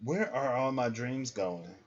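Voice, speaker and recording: A man's voice: medium pitch, unhurried. A man rambling in a casual vlog, hesitant and meandering as he thinks aloud about his dreams and tarot cards. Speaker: tarot vlogger. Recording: dull lo-fi sound with faint noise.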